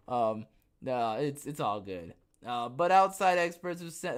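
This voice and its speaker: A man's voice: medium pitch, clear, resonant tone. A young adult man hosting a podcast, reading news aloud and breaking off into sarcastic asides, with many fillers and restarts. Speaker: podcast host.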